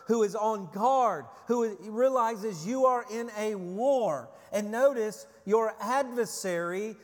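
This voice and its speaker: High-voiced man preaching in a hall. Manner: urgent preaching, rising loud on warnings, dropping low and quiet on questions. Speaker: pastor. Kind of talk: sermon.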